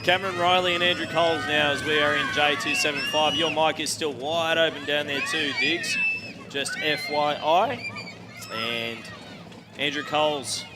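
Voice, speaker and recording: An Australian man commentating live drag racing at an outdoor track, lively and teasing. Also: a little high, normal speed, over a noisy crowd. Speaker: event commentator. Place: outdoor racetrack. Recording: loud noisy outdoor racetrack.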